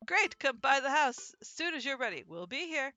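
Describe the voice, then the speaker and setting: An upbeat single dad greets a guest with open enthusiasm, eager and exclamatory, as a woman reads him out. The voice stays bright and ringing throughout. Faint music hums behind the game dialogue. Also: fairly high pitch, expressive, fairly quick. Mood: cheerful. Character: cheerful upbeat male single dad, friendly.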